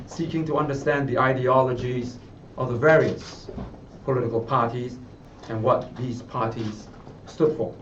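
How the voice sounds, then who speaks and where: A Singaporean man reads a candidate's profile aloud at a press conference in a party office. He is recorded from a distance, so his voice is muffled and set against faint background hum. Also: medium pitch. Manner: reads a prepared biography, then speaks off the cuff with restarts. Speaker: party spokesman. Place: party office, room with reporters. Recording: muffled sound from a distant mic.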